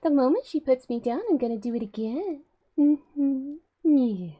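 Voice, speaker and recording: A woman's voice: high-pitched, expressive, a little slow, breathy edge, lo-fi sound, voice pushed up, heavily acted. A woman voicing her mischievous, unrepentant house cat in a fake-apologetic, gleeful way. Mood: mock-sorry.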